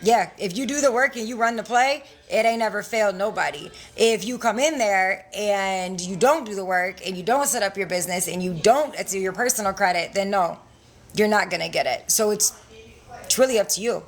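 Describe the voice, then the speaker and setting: Young woman livestreaming, cusses constantly, laughs a lot, mid-pitched voice. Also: a little fast. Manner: profane, blunt, laughs often. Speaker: livestream host selling credit classes. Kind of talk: casual livestream chat.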